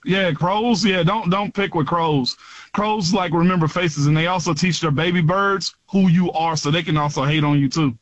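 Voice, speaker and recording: A man co-hosting a radio sports talk show, telling stories in a loose, slangy, animated way in the studio. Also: fairly high pitch, moderate pace, no room sound, highs cut off. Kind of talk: casual studio banter.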